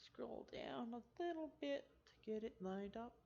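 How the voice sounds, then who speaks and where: A woman's voice: on the high side, animated, measured pace, gravelly, dark tone. A woman co-hosting a live stream, chatting casually with a giggly, playful manner. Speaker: stream co-host. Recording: dull lo-fi mic.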